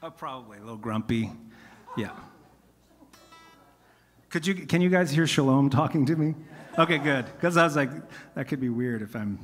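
A man's voice: fairly high pitch, normal speed, pauses often, faint music behind. A man, a singer-songwriter whose voice is tired from singing, telling rambling, self-interrupting stories on stage between songs at a concert. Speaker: singer-songwriter performing live. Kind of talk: casual storytelling between songs. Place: music venue stage. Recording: live concert stream, long hall reverb.

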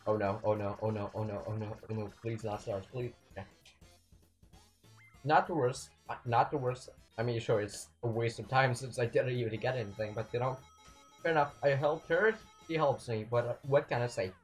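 A young man commentating his own gameplay, excitable, swinging between yelling and muttering at the game. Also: medium pitch, moderate pace, faint music behind. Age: young adult. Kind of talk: let's play commentary.

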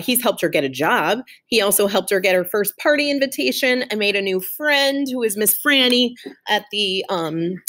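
A woman's voice: medium pitch, a bit bright. A woman teacher recapping and reading a chapter aloud to a class in a friendly, chatty way.

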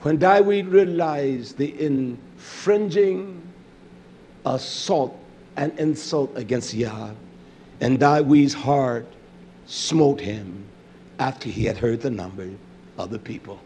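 A man preaching a sermon, swinging from fiery shouting down to low muttered asides. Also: takes it slowly, slight background noise.

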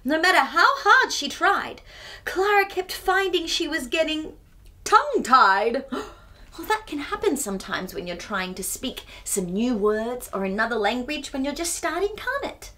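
A woman's voice: high voice, very animated, moderate pace, bright, forceful tone. A woman reading a picture book aloud to children, adding chatty asides with gasps and giggles. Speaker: children's storyteller.

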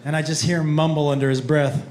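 A middle-aged man doing stand-up comedy in a club, telling a story and acting out the people in it in quick voices. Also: fairly high pitch, a little hiss or hum. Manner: animated, acts out his son and others in quick voices. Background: audience laughter.

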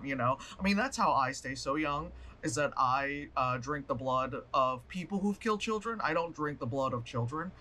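A man reviewing a movie in a loose, rambling vlog style, swearing freely and laughing as he goes. His voice sits high and bright, bouncing around with lively pitch swings. He talks with loose, offhand energy. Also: normal speed, few pauses. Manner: animated, profane, rambling with fillers and laughs.

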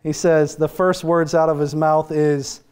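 A man's voice: fairly high pitch, little pitch movement, unhurried, darkish tone, smooth. A man with an American accent preaching a conversational sermon as pastor, asking rhetorical questions and chuckling now and then.

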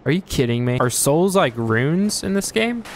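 A man giving live gameplay commentary, excitable and joking, who trash-talks enemies and yelps and shouts at the game. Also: fairly high pitch, moderate pace. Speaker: streamer playing a video game. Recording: noticeable background noise.

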